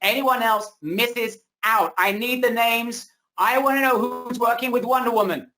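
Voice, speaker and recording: A man hosting a webinar, giving a pushy, excited sales pitch over a video call while his voice is wearing out. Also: measured pace. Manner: hyped, pushy salesman hype. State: losing his voice. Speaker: webinar host. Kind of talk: hard-sell webinar pitch.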